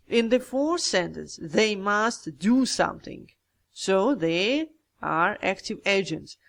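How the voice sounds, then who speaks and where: A teacher walks through a grammar exercise at an unhurried, deliberate pace. Each step is thought through aloud, with small self-corrections along the way. The voice sits in a middle pitch. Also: gravelly, a bit bright. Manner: methodical, talks through each step aloud, addresses viewers as guys.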